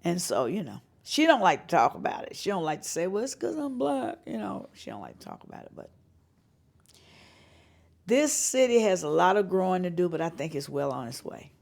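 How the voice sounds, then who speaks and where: A woman from North Carolina, a singer-songwriter telling animated stories in an interview. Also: lowish voice, fairly quick, vocal fry. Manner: animated storyteller who acts out the voices of people she quotes, laughing often. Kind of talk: storytelling interview.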